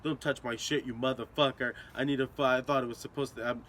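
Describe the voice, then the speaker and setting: A man voicing an angry, foul-mouthed male hotel guest who shouts threats. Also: mid-range voice, steady tone, quick pace, a little hiss or hum, close to an everyday voice. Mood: furious. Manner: cussing, shouting.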